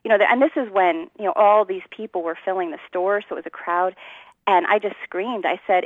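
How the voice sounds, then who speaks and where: Talking a little fast at medium pitch, this woman earnestly recounts her personal testimony in a conversation, performing the quotes of the people involved and laughing frequently. The sound has no room tone and its highs are cut off.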